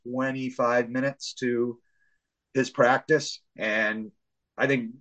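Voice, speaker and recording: A man hosting a casual sports podcast, telling an animated story full of swearing. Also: mid-range voice, slow pace, highs cut off. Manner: animated storytelling, acts out shouts and voices of family; swears freely. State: hard of hearing. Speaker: podcast host.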